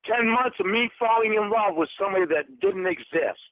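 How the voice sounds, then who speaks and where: Angry high-voiced man on a tinny phone line. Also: animated, brisk, no echo. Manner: furious, swearing, accusing.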